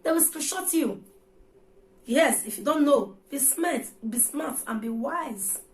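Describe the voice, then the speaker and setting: Scolding Nigerian woman, high voice. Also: animated, measured pace. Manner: scolding, preachy and repetitive; mixes Pidgin and Yoruba into her English. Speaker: vlogger. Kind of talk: ranting vlog monologue.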